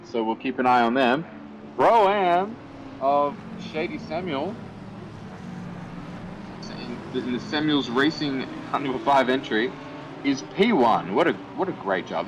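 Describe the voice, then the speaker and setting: Male lead commentator, esports sim racing, energetic play-by-play, middle pitch, faint noise underneath. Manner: energetic play-by-play, rising excitement with fillers.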